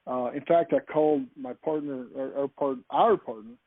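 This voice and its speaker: A man's voice: medium pitch, normal speed, no room sound. Enthusiastic man on a tinny call line. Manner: enthusiastic, with frequent restarts. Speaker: podcast speaker. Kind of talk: animated anecdotal storytelling. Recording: tinny phone-like call audio.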